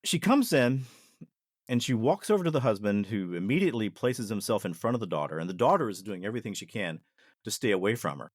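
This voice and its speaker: A man, a podcast guest and former ER nurse, telling a paranormal experience in an earnest, deliberate way that takes its time. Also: lowish voice, expressive, no echo, clean studio sound.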